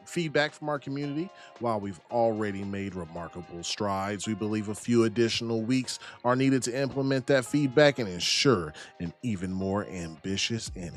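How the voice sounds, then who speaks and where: A man co-hosting a casual gaming podcast, reading news aloud and swearing freely. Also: fairly low pitch. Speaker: podcast co-host.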